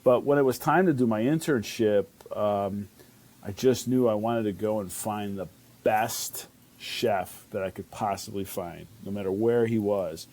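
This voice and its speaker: With a lowish, slightly mellow voice and a measured pace, a chef from Chicago in his 50s spins casual stories for an interviewer. He wanders as he goes, restarting sentences and leaning on fillers.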